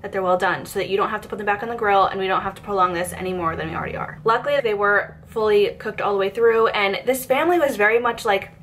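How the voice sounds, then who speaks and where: A woman's voice: mid-range voice, quick pace, few pauses, a bit bright, slight background noise. A woman in her twenties telling a work story, chatty and exasperated, with lots of fillers. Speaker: vlogger. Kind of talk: storytime rant.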